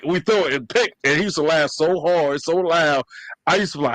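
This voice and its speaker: A man hosting a podcast, telling family stories in a casual, animated and profane way. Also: a little high, fast talker, no echo, rough recording. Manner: animated storytelling, slangy and profane. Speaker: podcast host.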